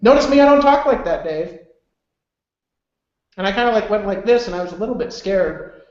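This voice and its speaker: A man's voice: sits high, animated, moderate pace, darkish tone, lo-fi sound. Man, webinar presenter, chatty motivational storytelling, lots of fillers, echoey room. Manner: keeps asking "right?" for agreement; loose and chatty with many fillers.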